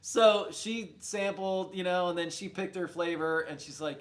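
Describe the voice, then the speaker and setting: A man's voice: high-pitched, unhurried. A middle-aged man co-hosting a live stream, chatting casually and telling stories with easy laughs. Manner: chatty, storytelling, laughs easily. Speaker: co-host.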